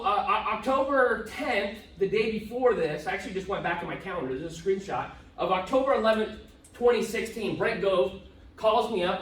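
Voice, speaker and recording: A man giving a live motivational talk to an audience in a conference room, telling stories in a joking, self-deprecating way. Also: high-pitched. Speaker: motivational speaker. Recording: echoey room, voice from far off.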